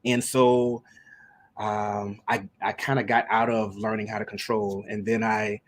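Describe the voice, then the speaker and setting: A man with a lowish voice, level in tone and measured in pace, chats casually on a live stream; he sings gospel and leads worship. His stories meander and he restarts them many times.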